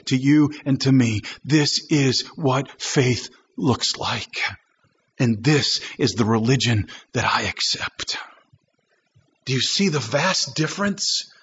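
Impassioned high-voiced male preacher. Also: husky, dull audio. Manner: impassioned, swinging from shouts to low hushed tones. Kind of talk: sermon.

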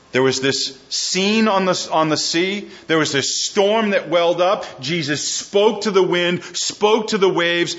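Bright-voiced man preaching a sermon. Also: muffled recording. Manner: slows and drops low on key phrases. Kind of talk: expository sermon.

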